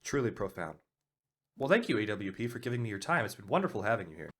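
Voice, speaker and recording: A man hosting a comedic mock interview with a fast, deadpan delivery. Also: fairly low pitch. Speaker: host.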